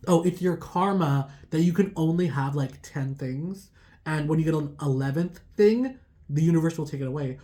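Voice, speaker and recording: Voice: mid-range voice, moderate pace, dark tone, lightly acted. A small male mouse from a spoken fable, explaining things casually and plainly, as a storyteller puts him on. His voice is close to ordinary speech. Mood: matter-of-fact.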